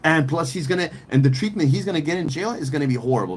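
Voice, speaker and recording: A man hosts a casual podcast in a middle-pitched voice, rambling from point to point with emphatic slang and frequent swearing. He restarts sentences often as he builds his argument. A faint ambient hum sits behind him. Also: expressive, rapid-fire, hardly any pauses, rough recording. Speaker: podcast host. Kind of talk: casual opinionated podcast chat.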